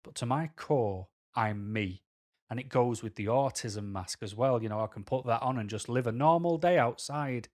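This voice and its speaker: Mancunian male vlogger, mid-pitched, candid, rambling talk with tangents. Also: normal speed, a little mellow. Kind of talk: personal talking-to-camera monologue.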